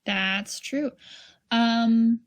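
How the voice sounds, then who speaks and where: A woman's voice: fairly high pitch, very slow. A woman playing as a guest in a casual board game, giving short, dry reactions and brief answers. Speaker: guest player.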